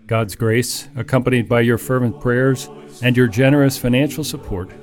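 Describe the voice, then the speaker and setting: A man who teaches on a Christian radio program, reading the closing announcements calmly and steadily. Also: medium pitch, normal speed, faint music behind. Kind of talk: scripted program sign-off.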